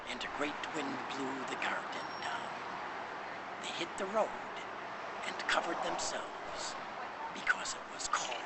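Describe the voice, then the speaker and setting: A man's voice: mid-range voice, animated, slow pace. A man telling a poetic story in a dramatic, swooping, word-playing way, recorded with noise behind.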